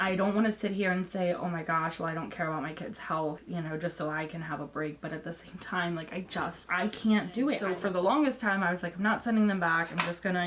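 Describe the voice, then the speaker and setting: Rambling, candid mom vlogger. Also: female voice, mid-range voice. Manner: rambling, candid, restarts often. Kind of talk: casual get-ready-with-me chat. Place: home, her room.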